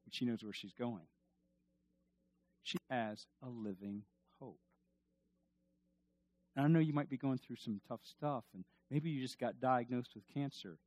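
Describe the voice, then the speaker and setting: With a darkish, medium-pitched voice, a middle-aged pastor preaches at a measured pace with long pauses. He builds to emphatic bursts and has the congregation repeat after him.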